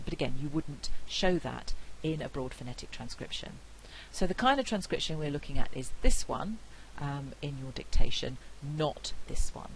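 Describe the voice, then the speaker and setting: A woman giving a recorded phonetics lecture, explaining carefully and repeating example words slowly. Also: very deep voice, creaky, a little hiss or hum, rough recording.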